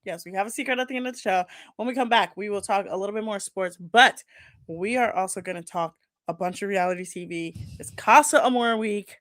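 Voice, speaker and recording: A woman from the United States chats excitedly as a podcast co-host, her voice at a middle pitch. She often laughs mid-sentence. The recording is dry and close-miked. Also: fairly quick, no echo. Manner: chatty, excitable, laughs while talking. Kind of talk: casual chat.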